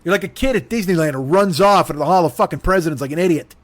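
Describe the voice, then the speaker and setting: A man's voice: fairly high pitch, very fast, no room sound. A man hosting a comedy podcast, telling an exasperated, profane story and acting out both sides of the conversations. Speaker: podcast host.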